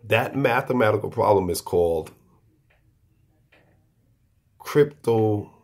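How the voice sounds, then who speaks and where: A man giving an unscripted explanation to viewers, talking haltingly and often restarting and repeating words. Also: lowish voice, expressive.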